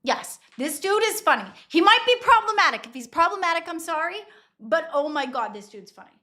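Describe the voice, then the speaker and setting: A woman's voice: very high voice, expressive, brisk, sharp tone. A woman co-hosting a podcast, chatting casually about clips, giggly and blunt with plenty of swearing. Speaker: podcast co-host. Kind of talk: casual chat reacting to clips.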